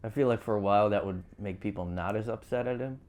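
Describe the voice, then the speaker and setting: A man's voice: fairly low pitch, quick pace, darkish tone. A man guesting on a talk show, laid-back and hesitant with a wry edge. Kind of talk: casual chat.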